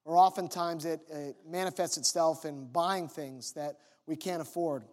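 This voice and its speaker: Male pastor, conversational storyteller, higher voice, reverberant sanctuary. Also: fairly even intonation, measured pace, a little mellow. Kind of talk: sermon.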